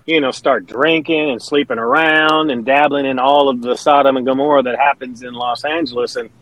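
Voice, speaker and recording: A man's voice: medium pitch, fairly even intonation, fairly quick, a bit bright, dry recording, poor audio. A middle-aged man, telling stories as an interview guest in an earnest, chatty way. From Kentucky, USA. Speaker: interview guest, country singer and pastor. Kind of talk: casual interview storytelling.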